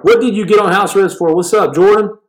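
A man's voice: high-pitched, fast talker. Rambling jokey man in an echoey room. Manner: rambling, jokey, swings between loud bursts and soft mumbles. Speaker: podcast host. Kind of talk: livestream storytelling and reading chat questions.

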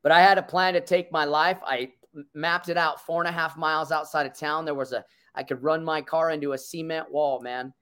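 Guy in his 30s, kinda high voice, earnest, keeps saying dude. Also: fairly even intonation, a little fast, a bit bright, clear, resonant tone. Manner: earnest, fillers like dude and bro. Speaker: co-host. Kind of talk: emotional personal story.

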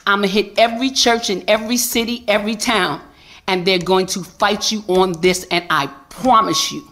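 A woman's voice: medium pitch, fairly bright tone. A woman street preacher giving impassioned, repetitive testimony at a public hearing, angry and preacherly.

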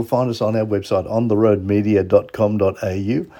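A man's voice: lowish voice, fairly even intonation, moderate pace, few pauses, mellow. A man with an Australian accent hosting a podcast, chatting casually and enthusiastically about travel, often restarting his phrases. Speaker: podcast host.

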